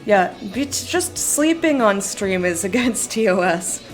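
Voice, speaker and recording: With soft background music behind her, a tired woman speaks at a measured pace in a mid-range voice with lively intonation. She's giggly and rambling on her live stream, laughing a lot and reading out and replying to chat.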